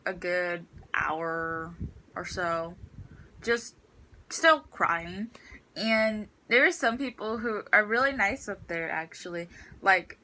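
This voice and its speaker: A woman's voice: medium pitch, bright, forceful tone, slight background noise, low-quality recording. A teenage girl ranting in a storytime vlog about her school day, exasperated and full of fillers. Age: teens. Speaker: student vlogger.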